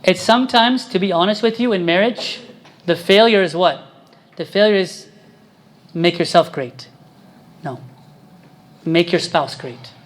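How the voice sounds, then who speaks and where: A man's voice: high voice, a little slow, pauses often. A man preaching a sermon as a priest, quizzing his congregation and pressing his points with emphasis.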